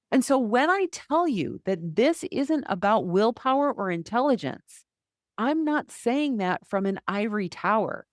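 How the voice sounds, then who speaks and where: A woman's voice: medium pitch, no echo, studio quality. A middle-aged woman hosting a solo podcast as a health coach, talking candidly and conversationally, often acting out inner thoughts.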